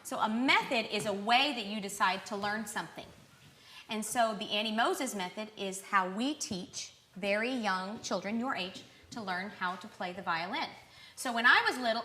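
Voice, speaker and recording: A woman's voice: medium pitch, sharp tone, reverberant, a little hiss or hum. A young woman giving a live violin lesson to children, coaxing and encouraging them with questions. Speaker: violin teacher.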